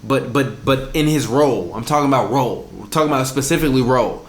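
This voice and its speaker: A man's voice: mid-range voice, quick pace, slight background noise. Argumentative man in an echoey room. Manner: argumentative, talks over his co-host, stumbles on names. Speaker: podcast co-host. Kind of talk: casual sports debate.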